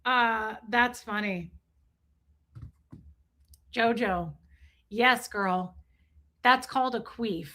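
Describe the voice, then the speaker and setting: A woman's voice: fairly high pitch, slow. A woman in her forties hosting a live stream, chatting casually and crudely while reading viewer comments aloud. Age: 40s. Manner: crude, joking, animated, reads chat aloud. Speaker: livestream host reading chat.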